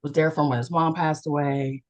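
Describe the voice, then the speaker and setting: A woman from West Virginia candidly telling her personal story on a video call, animated and acting out the voices of the people in it. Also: low-pitched, brisk, highs cut off. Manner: animated, acts out quoted people with big jumps in voice. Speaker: panelist and co-author sharing a near-death experience.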